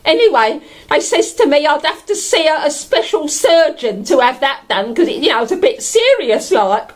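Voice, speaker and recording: Performing character stand-up, a woman takes on a bawdy London bag lady who lives on the streets and loves a chat. The delivery is very high, sing-song and moderately paced, gossipy and rambling with many fillers, and she keeps laughing through her words.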